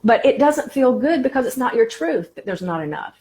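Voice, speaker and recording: A woman teaching about the law of attraction on a live stream, encouraging and warm in her phrasing, greeting viewers by name between points. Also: a little high, sing-song, a little fast.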